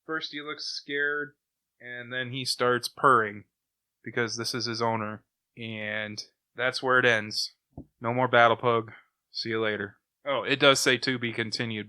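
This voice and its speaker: A man co-hosting a comic book podcast, retelling a story in an animated, casual way with chuckles. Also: medium pitch, clean tone. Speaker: podcast co-host reviewing comics. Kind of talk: casual chat.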